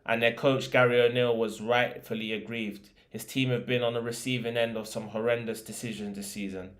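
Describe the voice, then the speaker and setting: A man's voice: mid-range voice, flat delivery, brisk. A young man hosting a football podcast, chatting casually about results and predictions with slang and filler words.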